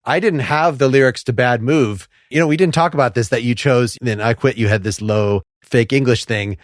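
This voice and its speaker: Speaking at normal speed in a medium pitch, a man hosts a music podcast, recorded in a clean studio with no room sound. His casual interview style is inquisitive, full of meandering questions and frequent laughter.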